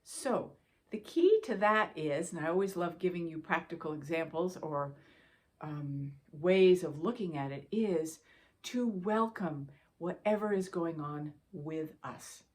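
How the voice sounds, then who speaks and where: A woman spiritual teacher giving a gentle, reassuring guidance talk, speaking directly to her listeners and repeating key phrases for emphasis. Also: lowish voice, animated, unhurried.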